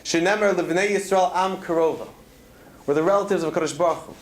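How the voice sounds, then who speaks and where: Speaking at a student event in an event hall, a man gives a Torah talk to students, telling stories with earnest conviction and weaving in Hebrew terms. His voice sits high, he talks fast, and the sound is roomy.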